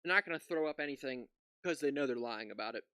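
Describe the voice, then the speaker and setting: A man's voice: medium pitch, expressive, fast talker, bright, forceful tone, smooth, no room sound, clean studio sound. A man giving reaction commentary on a news clip, ranting with profanity and incredulous outbursts. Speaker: political commentary YouTuber.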